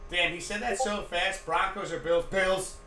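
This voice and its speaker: High bright-voiced joking man. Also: fairly even intonation, a little slow, slight background noise. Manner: joking, profane, chatty. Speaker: sports stream host. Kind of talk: casual live-stream chat. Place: home room. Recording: echoey room.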